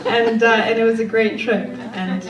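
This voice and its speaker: A woman's voice: a little high, flat delivery, moderate pace, muffled recording. A woman from Poland, telling a true story live on stage in a wry, conversational way, often laughing as she talks. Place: theater stage before an audience. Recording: echoey room, distant mic, faint ambience.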